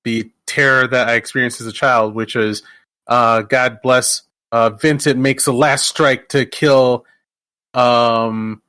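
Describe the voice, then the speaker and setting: Halting man swearing casually on a podcast. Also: medium pitch, fairly even intonation, sharp tone, clear, resonant tone, no echo. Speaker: podcast co-host. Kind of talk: casual movie discussion.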